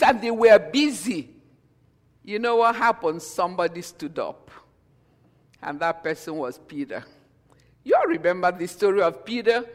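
Man, pastor preaching, slow deliberate delivery, long church reverb. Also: high voice. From Nigeria. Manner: storytelling, swings between hushed and emphatic. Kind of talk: sermon.

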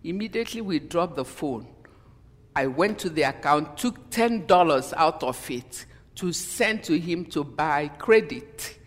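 A woman's voice: sits low, animated, a little slow. Woman preacher giving a sermon, emotional, lots of "you know", long echo like a big hall. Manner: emotional, repeats "you know", stops and restarts lines. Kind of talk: sermon, personal testimony.

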